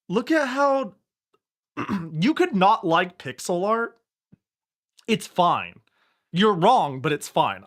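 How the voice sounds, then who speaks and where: A man on a stream reacting to a game trailer, ranting and laughing in disbelief. His pitch is fairly high and leaps all over the place, while his overall delivery stays slow and drawn out. Faint music plays in the background. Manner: excitable, ranting, laughs and exclaims. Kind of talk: casual reaction commentary.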